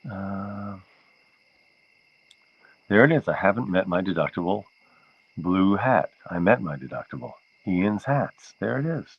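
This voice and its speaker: A man's voice: low-pitched, expressive, a little slow, gravelly, pauses often, husky. A man hosting a livestream from home, chatting casually and rambling from one aside to the next, recorded on a laptop microphone. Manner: rambling and easily sidetracked. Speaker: livestream show host. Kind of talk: casual chat with viewers. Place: home, near an outdoor porch area. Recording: dull lo-fi sound.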